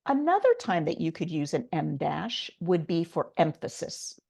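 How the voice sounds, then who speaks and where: A middle-aged woman with a slightly low voice walks through a writing lesson. She explains patiently and step by step, with an "um" here and there. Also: sing-song, moderate pace, gravelly, warm tone. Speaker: writing instructor. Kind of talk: recorded online lesson.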